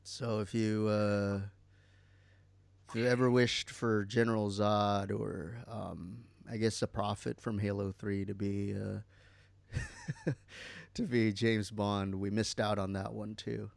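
Gravelly low-voiced podcast co-host. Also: male voice, little pitch movement, takes it slowly, dry recording. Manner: reads from a list, light joking. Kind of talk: casual chat.

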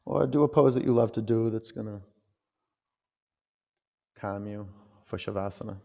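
A man teaching a yoga class, calling out poses and chatting in a relaxed, rambling way between cues. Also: lowish voice, moderate pace, creaky, big-room sound.

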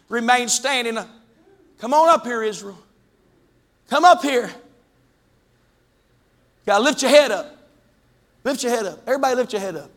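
A man preaching a fervent Pentecostal sermon, his voice pitched very high and ringing bright. He calls out to the congregation and climbs into shouts. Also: animated, a little slow, pauses often, a faint crowd. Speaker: pastor. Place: church sanctuary.

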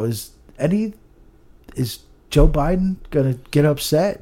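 Ranting, swearing man with a lively voice. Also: on the high side, measured pace, long pauses. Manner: profane, ranting, stumbling restarts. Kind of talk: casual podcast chat.

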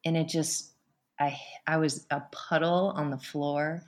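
Guest, female, low voice, heartfelt storyteller who laughs easily. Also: normal speed. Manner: emotional, animated storytelling with laughs. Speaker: podcast guest. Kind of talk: personal storytelling interview.

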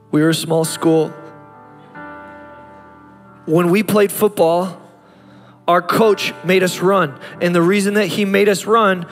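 A pastor in his thirties delivers a sermon, his voice sitting high and turning impassioned as he builds. The sound carries a long hall reverb with faint music underneath. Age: 30s. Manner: impassioned, rising to fervent peaks.

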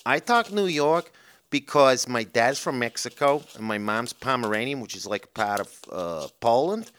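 A gruff, blunt little male dog, as a man puts him on drawls and rambles in a rough way. His pitch swings widely from low growls up to sudden highs. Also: expressive, moderate pace, a bit bright, lightly acted.

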